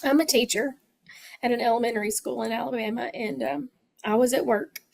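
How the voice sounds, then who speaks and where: A woman's voice: on the high side, fairly quick, gravelly. Woman recalling a tragedy. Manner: emotional, recounting a phone call. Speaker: elementary school teacher, victim's sister. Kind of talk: documentary interview.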